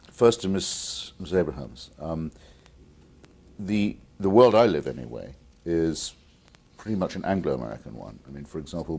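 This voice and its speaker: A man in his fifties from England, with an English accent and a low, dark voice, is a guest on a call-in interview taking viewer calls. He is articulate and combative, often restarting his sentences.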